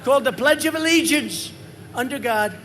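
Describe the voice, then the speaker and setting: Older man, rally speech, bright tense voice, high-pitched, repetitive and rambling. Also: normal speed, a little hiss or hum. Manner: repetitive, rambling, swings to loud emphasis. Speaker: politician at a rally. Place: large campaign rally.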